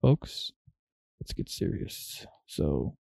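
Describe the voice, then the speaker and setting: Animated young man telling stories casually. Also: drawn-out words, no room sound, studio quality. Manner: animated storytelling, swears often. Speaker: podcast co-host. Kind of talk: casual chat.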